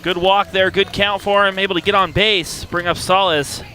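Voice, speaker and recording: A man calling live play-by-play of a high school baseball game with brisk, matter-of-fact pitch calls. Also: level tone, bright, forceful tone, low-quality recording. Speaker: play-by-play announcer. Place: outdoor ballpark.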